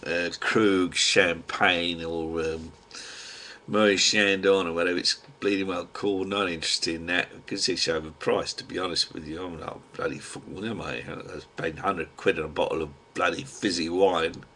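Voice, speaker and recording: A man's voice: low-pitched, fairly even intonation, moderate pace, sharp tone. A man with a Cockney accent rambling to his webcam at home in a chatty, digressive way, full of slang and mild swearing. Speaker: webcam vlogger. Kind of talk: rambling casual monologue to a webcam.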